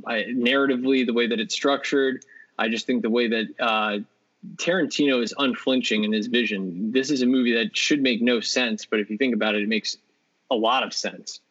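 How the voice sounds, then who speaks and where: A man's voice: fairly low pitch, fairly bright tone. A man co-hosting a podcast, talking about movies with enthusiasm and rambling through fillers and restarts. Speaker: podcast co-host. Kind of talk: casual movie discussion. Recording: dull lo-fi sound.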